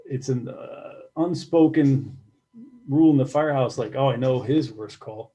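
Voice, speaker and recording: A middle-aged man recounts his years as a fire captain in a candid interview. His voice is mellow and dark, and he speaks haltingly, doubling back and repeating words as he thinks. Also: mid-range voice, lo-fi sound. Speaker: retired fire captain, guest.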